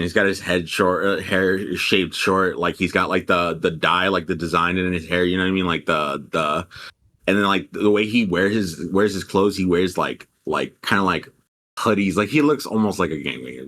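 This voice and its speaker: A man's voice: low voice, moderate pace, a bit bright, slight background noise. A young man casually telling a rambling, profane story and quoting people animatedly as a podcast co-host.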